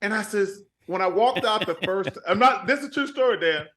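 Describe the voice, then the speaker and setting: An older man with a drawl tells lively stories as a talk show guest. He keeps quoting himself and other people as he goes. His voice sits a little high for a man. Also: brisk. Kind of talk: casual phone interview.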